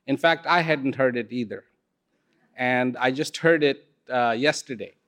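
A man telling a story in a talk, unhurried and expressive, with dramatic pauses. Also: mid-range voice. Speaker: speaker.

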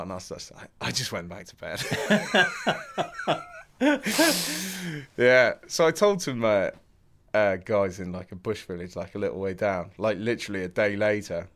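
A man's voice: on the low side, very animated, normal speed, fairly bright tone. A young man from England, a podcast guest, telling a story in a laid-back way with lots of fillers and frequent laughter. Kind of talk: casual storytelling.

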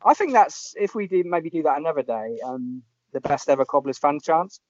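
A man, chatting casually as a podcast host and telling animated anecdotes. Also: fairly high pitch, a little fast, no room sound. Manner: lively storyteller, puts on voices in anecdotes. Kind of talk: casual chat. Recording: dull lo-fi sound.

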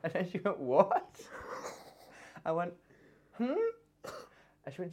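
A man's voice: sits high, unhurried. A young man co-hosting a podcast, telling stories in casual chat with frequent laughter. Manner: laughs often, animated storytelling. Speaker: podcast co-host.

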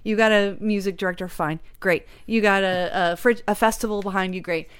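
A woman chatting as a guest about the stage show she created, rambling and animated. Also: mid-range voice, fairly quick, smooth. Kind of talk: casual interview chat.

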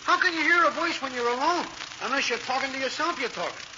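An actor playing a chatty, streetwise male cab driver with a fast slangy patter, in 1940s radio acting. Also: very high-pitched, expressive. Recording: hissy, muffled 1940s radio recording.

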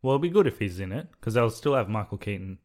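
A man co-hosting a casual film podcast, relaxed and a little hesitant as he talks. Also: on the low side, fast. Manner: relaxed, hesitant, lots of fillers. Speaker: podcast co-host.

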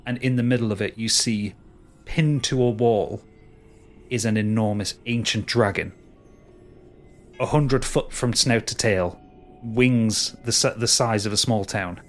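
A man's voice: fairly low pitch, steady tone, unhurried, faint music behind. A man narrating a tabletop game as game master, describing scenes at length with small restarts.

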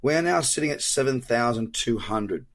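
A man's voice: medium pitch, animated, moderate pace. An Australian man hosting a crypto podcast, chatting loosely through market commentary with fillers and self-corrections, his voice worn from overuse.

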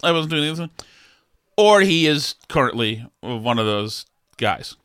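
A man's voice: fairly high pitch, animated, a little slow, a bit bright, smooth, no room sound, clean studio sound. A middle-aged man hosting a podcast, telling a rambling, jokey story with many restarts in casual chat. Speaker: podcast host.

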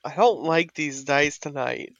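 A woman's voice: low-pitched, a little slow, muffled recording, slight background noise. A woman narrating as game master in a casual tabletop game, rambling and swearing freely.

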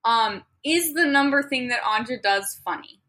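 A young woman co-hosting a podcast from a dorm room, chatting casually with giggles, swearing and deadpan jokes. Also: a little high, normal speed. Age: young adult. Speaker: podcast co-host. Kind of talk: casual chat. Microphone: laptop.

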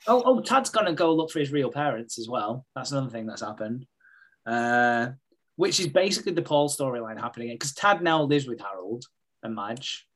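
A man, co-hosting a casual podcast and retelling soap storylines with swearing and quick impressions of the characters. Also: mid-range voice, animated, a bit bright. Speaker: podcast co-host recapping a soap. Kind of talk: casual chat.

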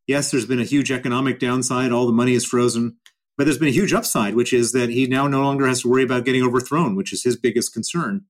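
A man's voice: medium pitch, steady tone, fast talker. Blunt, emphatic man being interviewed. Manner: blunt, emphatic, repeats phrases for stress. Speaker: guest. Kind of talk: interview answers.

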